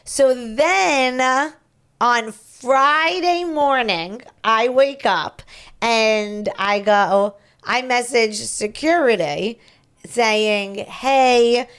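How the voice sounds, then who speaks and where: A woman's voice: fairly high pitch, very slow, clear, resonant tone. Chatty woman host telling a story. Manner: animated storytelling, acts out quoted messages. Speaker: podcast host. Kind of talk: casual chat.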